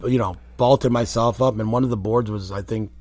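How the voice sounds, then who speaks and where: A man, a former wrestler, telling rambling, animated stories in a casual interview. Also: fairly low pitch, brisk, dry recording. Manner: rambling, animated anecdotes with quoted voices.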